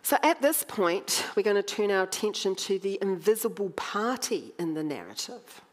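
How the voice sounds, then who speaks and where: A woman preaching a sermon, conversational and animated, with wry humour as she tells the story. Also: mid-range voice, normal speed.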